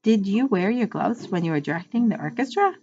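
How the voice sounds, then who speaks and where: A woman's voice: medium pitch, expressive, a little fast, husky. A woman reading aloud gives voice to a kind, patient grown woman schoolteacher in a storybook. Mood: amused. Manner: kind, patient, gently amused. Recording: muffled lo-fi recording.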